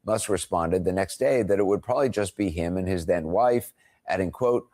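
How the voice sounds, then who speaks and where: Brief: low male newsreader, formal, measured scripted report. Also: a little mellow. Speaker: news anchor. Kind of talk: scripted broadcast news report.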